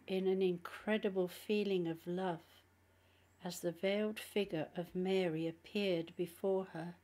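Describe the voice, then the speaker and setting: A woman reading a nonfiction book aloud in a measured, careful way. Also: on the low side, a little mellow. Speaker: audiobook reader. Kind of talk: audiobook narration.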